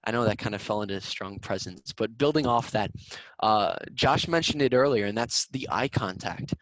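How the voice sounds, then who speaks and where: A man's voice: fairly low pitch, animated, normal speed, a bit bright, no room sound, low-quality recording. A young man coaching students on a video call in an upbeat, casual way, often repeating words as he talks. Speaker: student sales competition coach.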